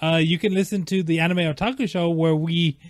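This man reads out a podcast's rundown in a halting way. His voice sits a little high and he fills the gaps with uhs. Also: steady tone, dry recording, clean studio sound. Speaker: podcast co-host. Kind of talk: reading a show rundown.

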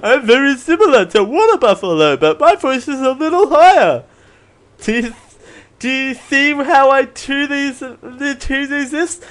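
A man putting on a squeaky goofy beaver. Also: lively intonation, measured pace, fairly bright tone, heavily acted. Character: smug talking male beaver.

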